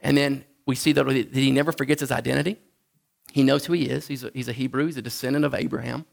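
A man preaching a sermon in a conversational, halting way, often restarting his sentences. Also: level tone, vocal fry. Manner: acts out the Bible figures in a higher voice. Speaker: pastor.

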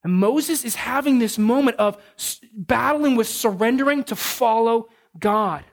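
Animated male preacher telling stories. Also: very high voice, a little slow. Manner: animated storytelling with frequent restarts. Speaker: pastor. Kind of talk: sermon.

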